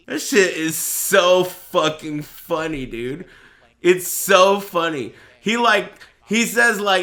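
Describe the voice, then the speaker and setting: He's a streamer and podcast host with a high-pitched voice, talking slowly on a livestream. The chat is relaxed, and his animated stories come packed with swearing and bursts of laughter.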